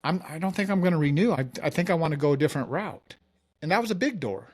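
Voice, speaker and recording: A man's voice: fairly high pitch, lively intonation, quick pace, darkish tone. A man, a mortgage company founder, telling his story in a casual interview and acting out the dialogue.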